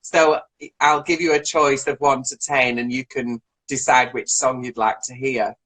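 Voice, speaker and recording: A man, a drag performer, chatting as a guest on a live video call, animated and playful with quick jokes. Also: mid-range voice, low-quality recording. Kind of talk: casual live video chat interview.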